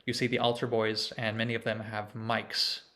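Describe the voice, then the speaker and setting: With a lowish, level voice that sounds pushed and bright, a conducting student in his twenties addresses a choir via video call at normal speed. He conversationally explains church music and leads the group in chants.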